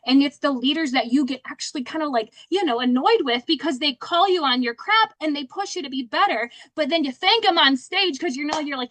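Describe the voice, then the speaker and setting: A woman's voice: sits high, fairly quick, few pauses, a bit bright, no echo. A young adult woman giving a chatty, faith-filled motivational talk as a guest speaker, joking at her own expense. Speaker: guest speaker, sales director.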